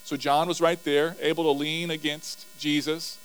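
A man's voice: fairly high pitch, little pitch movement, normal speed, clear, resonant tone, poor audio. Man teaching through Bible verses. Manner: explanatory, reads verses aloud then comments, occasional chuckles.

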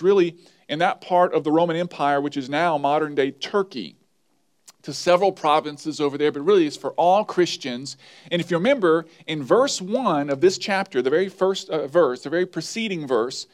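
A man preaching a sermon, acting out his own pleading prayers as he tells stories. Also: fairly high pitch. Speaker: pastor.

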